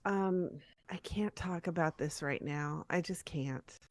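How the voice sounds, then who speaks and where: A woman player speaking in character during a tabletop game, answering calmly with some hesitation. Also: fairly low pitch, no echo. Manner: calm, halting replies. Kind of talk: in-character tabletop role-play.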